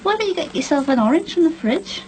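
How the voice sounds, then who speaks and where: A tired, low-spirited woman, confiding and quietly hurt, her voice rising and falling widely. in a TV soap. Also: lively intonation, fast talker, slight background noise, low-quality recording. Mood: weary. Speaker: wife. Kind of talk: 1990s TV soap acting.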